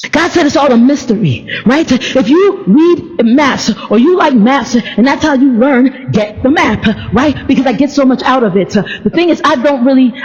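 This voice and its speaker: A woman with a very high voice talks through a casual faith monologue, rambling and playful and tripping over restarts. The recording is dull and muffled, with a long echo trailing behind her. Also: darkish tone. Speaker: vlogger.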